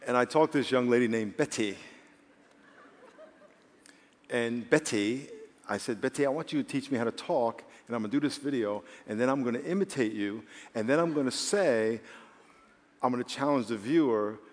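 A man's voice: mid-range voice, brisk. A man preaching a sermon as the church's pastor, telling stories and building to emphatic points. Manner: storytelling, rising to emphatic preaching. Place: large church hall. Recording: long hall reverb.

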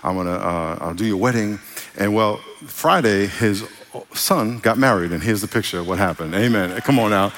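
A man's voice: lowish voice, normal speed, a bit bright, a little hiss or hum. A middle-aged man preaching a conversational sermon as pastor, folksy and loose, often restarting and calling out for an amen.

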